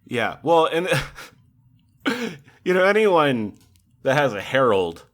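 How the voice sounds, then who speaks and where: A man co-hosting a podcast in casual chat, laughing often and talking with animated, swearing outbursts. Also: fairly high pitch, slow. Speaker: podcast co-host.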